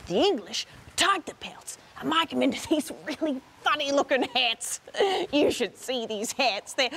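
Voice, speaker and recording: A woman's voice: high voice, moderate pace, a little hiss or hum, exaggerated voice. A woman playing a brash wildlife-show host. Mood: showy. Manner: excitable, theatrical, shifts to hushed whispers. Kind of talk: comedy sketch.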